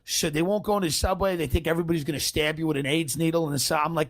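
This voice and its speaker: A man spins a comic story on a podcast in a brash, profane way, full of quick asides. His voice sits somewhat high for a man. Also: fairly even intonation. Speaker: comedian telling a story.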